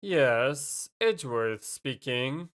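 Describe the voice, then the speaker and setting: A woman voicing a cool, aloof adult man who speaks in a calm, dry, measured way. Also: very deep voice, noisy background, full character voice. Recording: game music playing underneath.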